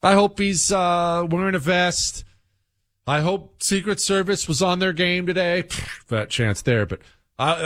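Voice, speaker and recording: A man's voice: sits high, a little slow, a bit bright. A man hosting a political talk radio show, delivering a heated, indignant monologue.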